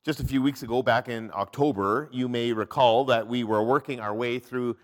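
A male pastor preaching a sermon, reading scripture aloud and swinging between loud emphasis and hushed, low drops. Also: fairly even intonation, normal speed.

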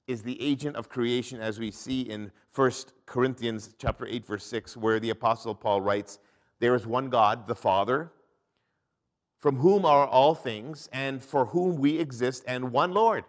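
Reading from scripture during his sermon, a male pastor alternates between quiet, low moments and loud, emphatic bursts.

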